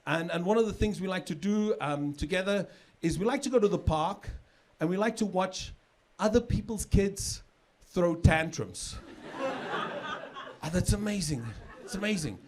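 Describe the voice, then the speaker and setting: A middle-aged South African man with a high voice does a chatty stand-up set at a moderate pace on a comedy club stage. The live recording has slight background noise and audience laughter, and he often repeats words while building a joke.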